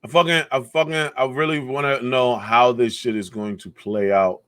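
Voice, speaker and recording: A man co-hosting a casual comedy podcast, ranting with lots of swearing and animated emphasis. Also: mid-range voice, moderate pace, smooth, no room sound, clean studio sound. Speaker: podcast co-host.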